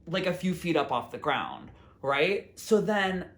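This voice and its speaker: A man's voice: fairly high pitch, big pitch swings, measured pace. A man hosting his own vlog, telling a story in a casual, rambling way, full of "like" and quoting his own thoughts. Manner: rambling, full of "like" fillers and self-quotes. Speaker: vlog host.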